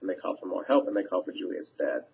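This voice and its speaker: A teacher talks students through a play scene in a relaxed, conversational way. His man's voice sits on the low side. The recording is dull and lo-fi, as from a webcam microphone. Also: fast, gravelly, slight background noise. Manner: conversational, paraphrasing lines with fillers. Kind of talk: casual scene summary for students. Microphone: webcam mic.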